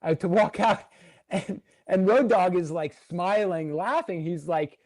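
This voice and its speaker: Guy telling a backstage story on a podcast, lots of "like", acts out quotes, pretty high voice. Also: a little slow, a little mellow, dry recording. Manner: rambling, filler-heavy, acts out quotes. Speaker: podcast guest, former wrestling writer. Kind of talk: casual storytelling interview.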